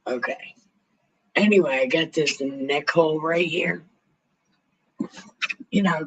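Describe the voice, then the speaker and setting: A woman hosting a casual livestream, talking in a raspy, altered voice and rambling in a blunt, profane way. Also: deep voice, rough recording. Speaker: livestream host reading the Bible. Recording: home livestream mic.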